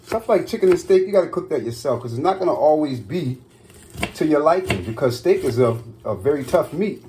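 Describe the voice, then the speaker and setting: Man, casual cooking-vlog host, excitable, very lively pitch, addresses viewers directly from a home kitchen. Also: a little fast, noisy background. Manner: excitable, talks straight to viewers. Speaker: cooking vlogger.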